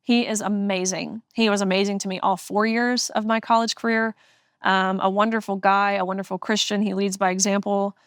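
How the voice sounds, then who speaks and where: A young woman in her twenties, a guest on an interview show, recounts a personal story with earnest emphasis. Her voice sits at an ordinary middle pitch. The sound is close and dry, with no room around it. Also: little pitch movement, a little fast, smooth, no room sound.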